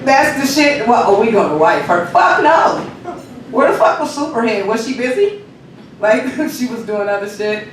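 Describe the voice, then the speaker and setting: A male comedian running through his set, animated and profane, chuckling at his own punchlines. His voice leaps up and down as he tells the stories. The recording is distant and heavily echoey, with steady noise underneath. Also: sits high. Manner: laughs at his own jokes. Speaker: stand-up comedian. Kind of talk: stand-up comedy rehearsal. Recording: echoey room, mic far off, noisy.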